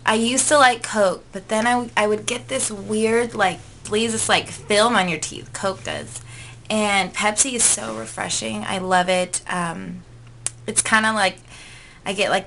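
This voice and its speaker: Girl in her 20s vlogging, bright voice, gushy and chatty, says like a lot. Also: medium pitch, slight background noise. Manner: chatty, gushing, lots of "like" and "um". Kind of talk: casual chat answering tag questions.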